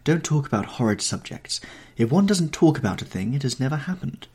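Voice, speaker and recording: A man's voice: medium pitch, sing-song, fairly quick, darkish tone, breathy edge, pitched above the performer's own voice. A man reading the part of a vain, callous young aesthete who talks in an airy, dismissive way.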